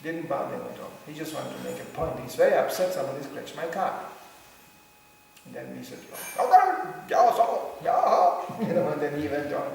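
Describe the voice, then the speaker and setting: A man's voice: mid-range voice, a little fast, vocal fry, darkish tone. Man, humorous talk, distant mic, faint room hum. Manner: storytelling with laughs and acted quotes. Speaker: speaker giving a talk. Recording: echoey hall from far off.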